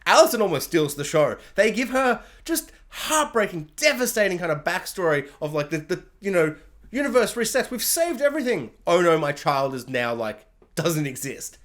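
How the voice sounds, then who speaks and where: A high-pitched man gives a casual, excitable review of a TV season. Whenever he quotes characters, he quickly launches into silly voices.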